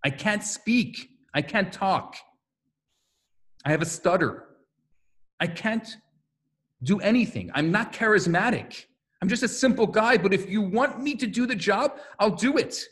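A man's voice: sits high, animated, a little slow, long pauses, fairly bright tone. A man voicing a humble biblical prophet who speaks in plain, self-deprecating pleas. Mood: pleading.

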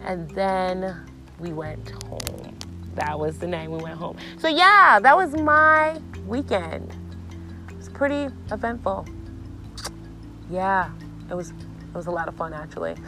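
A woman's voice: on the low side, measured pace, pauses often, faint music behind. A woman vlogger casually telling a story to her viewers, blunt and profane, acting out both sides of the exchanges. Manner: animated, acts out both sides of conversations.

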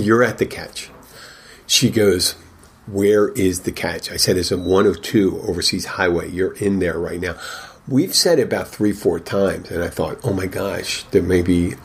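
Man, bartender, deep voice, husky, casual rambling anecdote, quotes customers. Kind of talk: casual storytelling.

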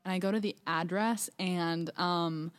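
A woman's voice: on the low side, fairly even intonation, unhurried, smooth. A young woman co-hosting a podcast, telling a story in casual chat with lots of fillers and restarts. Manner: chatty storytelling with many fillers. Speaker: podcast co-host.

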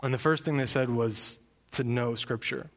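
A man's voice: medium pitch, steady tone, moderate pace. Impassioned young male preacher. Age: young adult. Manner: impassioned, building to loud emphatic peaks. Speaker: pastor. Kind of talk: sermon.

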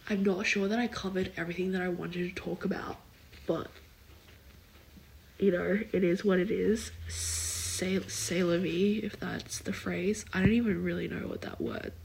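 Recorded on low-quality audio with slight background noise, this young adult host talks at normal speed, with a medium-pitched, creaky, slightly mellow voice and fairly even intonation. It's a rambling solo podcast chat, crammed with "like" and "kind of" and trailing, half-finished ideas.

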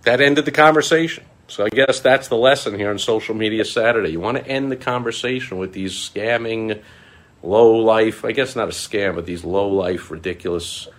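A middle-aged man with a very low, deep voice tells a story in a casual vlog. He talks in a lively, animated way and chuckles often. At times he slips into mocking high quoted voices. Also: normal speed. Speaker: small business marketing consultant, show host.

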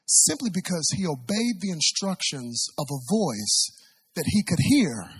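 Brief: male preacher, slightly high, breathy, theatrical sermon storytelling. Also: big pitch swings, a little slow. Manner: dramatic storytelling, big swings in volume.

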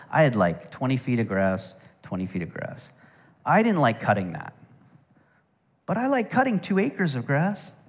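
A man's voice: on the high side, slightly rough. A middle-aged man preaching a sermon, telling stories with humor and asides. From United States. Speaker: pastor. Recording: long hall reverb.

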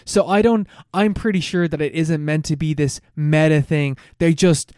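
Man, slightly high voice, dry close sound, rambling film recap in casual chat. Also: steady tone, a little mellow, no room sound. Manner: rambling, laughing, swearing, fast storytelling.

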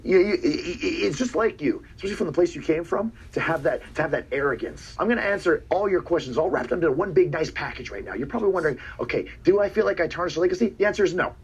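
A man's voice: fairly high pitch, animated, quick pace, hardly any pauses, breathy edge. A man, a pro wrestler, giving a boastful, taunting promo interview in a clip from a TV broadcast, often stammering and repeating his words.

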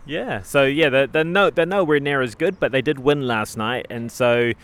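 A man's voice: medium pitch, normal speed, a bit bright. A man hosting a casual travel cooking vlog, talking in a rambling, jokey way with lots of fillers and restarts. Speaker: travel vlogger and host.

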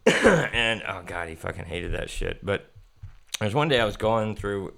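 A young man spins profane workplace stories on his podcast, laughing often. His voice sits low but swings widely in pitch, and he keeps things animated and casual. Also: a little slow, creaky. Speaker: podcast host. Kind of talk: casual storytelling chat.

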